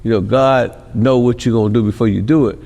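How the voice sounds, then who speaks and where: A man's voice: mid-range voice, steady tone, a little fast, creaky, warm tone, long reverb tail. A middle-aged man from Milwaukee telling rambling stories as a podcast guest, constantly tossing in "you know what I'm saying.". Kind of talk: casual interview storytelling.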